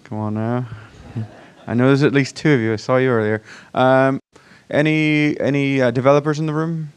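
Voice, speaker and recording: A man from Virginia with an accent that mixes American and British, giving a casual, self-deprecating startup pitch to a conference audience with many fillers and restarts. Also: steady tone, normal speed, clear, resonant tone. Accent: mixed American and British. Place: conference room before a live audience.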